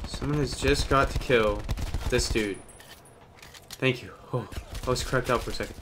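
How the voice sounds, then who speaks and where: A man hosting his own gaming channel, giving live gameplay commentary with an excitable manner, loud outbursts and goofy banter. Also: medium pitch, moderate pace, noisy background. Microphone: webcam or desk mic.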